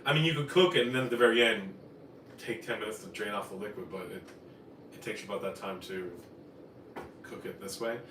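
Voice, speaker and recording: Guy hosting a live cooking stream, rambly and chatty, bright tone, echoey kitchen, sounds a bit far from the mic. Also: on the low side, brisk, long pauses, slight background noise. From Newfoundland, Canada. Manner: rambling, chatty, self-correcting. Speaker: cooking show host. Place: home kitchen.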